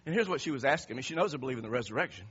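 A man's voice: medium pitch, expressive, rapid-fire, a bit bright, husky, dull audio. A male pastor preaching a sermon with emphasis, asking the congregation the same question again and again.

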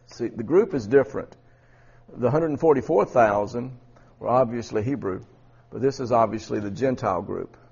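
A man's voice: on the low side, gravelly, a little mellow, husky, muffled recording. A man preaching a Bible lesson in a conversational way, with many restarts and rhetorical questions. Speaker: preacher teaching a Bible study. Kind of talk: sermon.

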